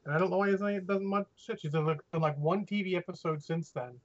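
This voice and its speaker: Guy on a podcast, kinda high voice, rants and swears a lot, dull lo-fi audio. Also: fast talker. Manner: opinionated, profane, rambling. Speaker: podcast co-host. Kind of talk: casual chat.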